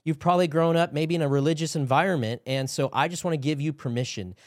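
A man's voice: fairly high pitch, quick pace, no room sound, studio quality. Earnest man telling a faith testimony. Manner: earnest storytelling, building to preaching. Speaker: podcast guest. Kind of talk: testimony and exhortation.

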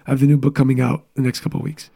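A man's voice: mid-range voice, little pitch movement, gravelly, dark tone, slightly rough. A man in his thirties, a business coach, telling candid personal stories in a casual interview chat. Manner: candid, storytelling, quick asides.

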